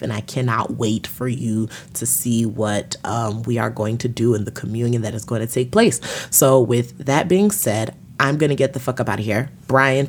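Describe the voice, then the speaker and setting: A woman's voice: extremely low pitch, darkish tone, a little hiss or hum. A woman hosting a podcast, ranting bluntly with plenty of profanity. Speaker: podcast host. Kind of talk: profane comedic rant.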